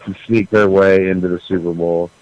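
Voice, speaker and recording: A man's voice: deep voice, level tone, moderate pace, darkish tone, no room sound, low-quality recording. A man calling in to a radio show, rambling emphatically about football teams with casual analysis. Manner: rambling, emphatic, repeats words. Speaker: caller, football fan.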